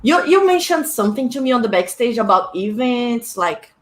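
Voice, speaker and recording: A woman hosts a live tech stream over a video call, keeping the talk moving in a friendly way. Her voice sits slightly high. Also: sing-song, moderate pace. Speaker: host.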